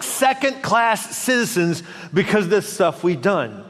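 A man preaching a sermon as pastor, animated, acting out quoted voices of God and the congregation. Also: sits high, measured pace, crowd noise, background noise. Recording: long hall reverb.

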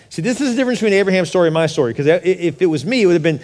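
A man's voice: high-pitched, lively intonation, very fast, hardly any pauses. Preaching man in an echoing hall. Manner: conversational preaching that swings between loud pleading and soft reassurance. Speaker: pastor. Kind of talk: sermon. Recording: long reverb of a large hall.

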